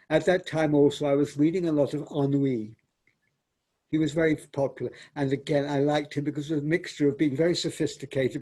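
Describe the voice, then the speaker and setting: A man's voice: mid-range voice, warm tone, breathy edge. An older man, a theatre director, reminiscing in an interview as a reflective storyteller who repeats and restarts words.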